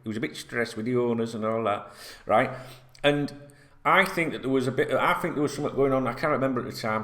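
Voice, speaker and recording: A man ranting about football as a fan vlogger, animated, sarcastic and swearing freely. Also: medium pitch. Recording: roomy echo.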